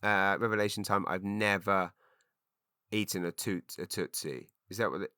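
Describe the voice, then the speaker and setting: A man's voice: deep voice, normal speed, sharp tone, clear, resonant tone, no echo, studio quality. A man hosting a solo comedy podcast, rambling in a chatty, self-mocking way with many ums and restarts. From Britain.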